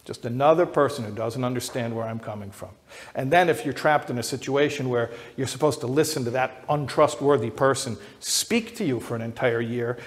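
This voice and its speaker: A man who is an educator, giving a lecture that builds to emphatic high peaks, often repeating and restarting words as he thinks aloud. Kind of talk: lecture to an audience. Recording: long hall reverb.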